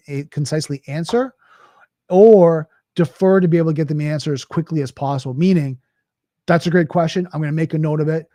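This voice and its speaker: In a relaxed solo podcast segment, a man chats conversationally, frequently restarting and tossing in "right?" asides. His mellow, easygoing voice sits slightly high for a male, and the close, dry recording has no echo.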